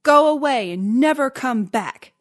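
A woman voicing a selfish male giant in a storybook, in a plain, loud reading voice. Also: mid-range voice, measured pace, close to an everyday voice. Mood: angry. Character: selfish male giant, gruff then lonely.

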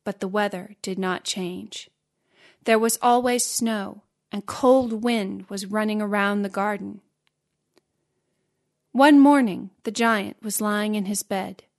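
Give me a woman reading a simple storybook slowly and clearly. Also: mid-range voice, fairly even intonation. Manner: slow, clear, careful reading. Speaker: narrator.

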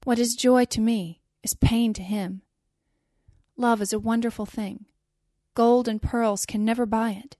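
Tender storybook nightingale, earnest and pleading, read by a woman with a warm, dry voice. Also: on the high side, steady tone, unhurried, dry recording, close to an everyday voice. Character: small devoted female nightingale, brave and tender.

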